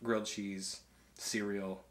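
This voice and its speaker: A man's voice: lowish voice, little pitch movement, slow. A young man telling rambling stories in a casual chat over drinks, recorded in a home attic studio. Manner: rambling storyteller, lots of "like". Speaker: guest.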